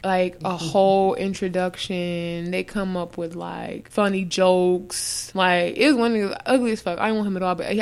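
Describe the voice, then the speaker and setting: A young adult woman hosting a podcast, telling stories in blunt, profane, animated casual chat. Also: medium pitch, smooth. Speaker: podcast host.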